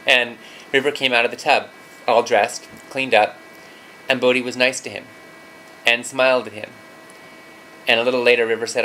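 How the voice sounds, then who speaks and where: A man's voice: mid-range voice, moderate pace, sharp tone, a little hiss or hum, poor audio. A man in his thirties telling a personal story as a father, earnest and reflective, with some fillers.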